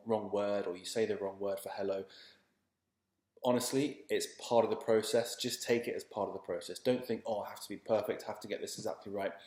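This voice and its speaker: A man teaching beginners in a relaxed, chatty and reassuring way, often repeating his words. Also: fairly low pitch, roomy sound. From England. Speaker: language teacher. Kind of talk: casual spoken lesson.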